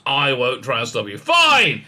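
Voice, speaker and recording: Sarcastic ranting man, very bright voice. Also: on the high side, expressive, normal speed. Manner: sarcastic, scornful, with frequent stammered restarts. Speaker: YouTube commentator. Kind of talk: ranting vlog commentary.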